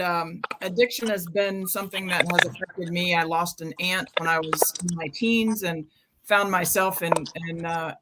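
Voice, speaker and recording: A woman's voice: fairly low pitch, heavy background noise. A woman in her fifties telling a personal story in a casual, chatty way with many fillers. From United States. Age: 50s. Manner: chatty, many ums, quotes herself. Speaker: charity marathon runner guest. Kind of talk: casual storytelling on a live video chat.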